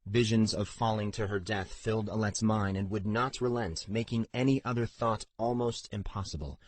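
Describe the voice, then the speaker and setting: A male narrator reads a fantasy audiobook in a steady, even storytelling voice. His tone is low with a husky grain, and the recording is dry and close with no room sound. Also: normal speed, no echo. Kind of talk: scripted narration.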